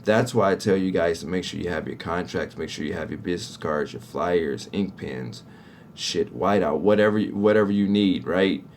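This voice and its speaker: A man's voice: low voice, moderate pace, a little hiss or hum. A man who runs a cleaning company, talking conversationally to viewers about winning contracts and often checking in with "right?". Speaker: business owner teaching sales to cleaning-company owners. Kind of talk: casual instructional talk to viewers.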